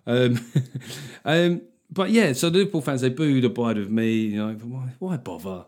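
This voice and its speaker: A man's voice: mid-range voice, moderate pace, a little mellow. A man hosting his own podcast, talking through the week's news in a sweary, sarcastic, comic rant. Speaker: podcast host and comedian. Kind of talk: casual solo podcast monologue.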